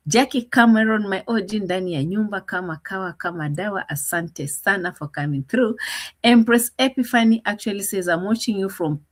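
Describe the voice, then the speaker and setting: A woman hosting a live reaction stream, chatting casually and laughing as she greets viewers by name. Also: medium pitch. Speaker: reaction channel host.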